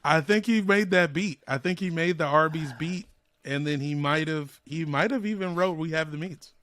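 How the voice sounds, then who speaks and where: A comedian guest on a sports podcast, riffing and joking in playful rants. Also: male voice, a little high, normal speed, a bit bright, dry recording. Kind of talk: casual sports podcast chat.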